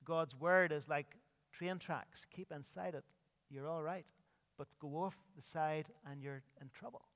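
A man's voice: fairly high pitch, measured pace, fairly bright tone, long reverb tail. A man preaching an earnest sermon as pastor, his voice rising and dropping with emphasis. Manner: earnest preaching with sweeping rises and drops.

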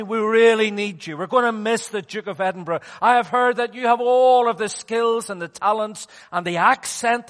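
A man's voice: high voice, a bit bright, pitched above the performer's own voice. A man playing an elderly queen who grandly coaxes the listener in a raised voice, heard with long hall reverb. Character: elderly British queen, gracious and coaxing.

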